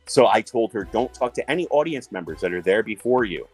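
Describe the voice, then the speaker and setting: Guy with a low voice telling a story casually, does little voices for people, faint music behind. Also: brisk, husky. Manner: animated, acts out quoted voices. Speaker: panel guest.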